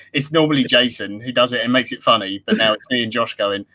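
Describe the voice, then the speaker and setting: A man on a fan podcast giving blunt, animated football opinions with casual swearing. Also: medium pitch, moderate pace. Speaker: podcast co-host.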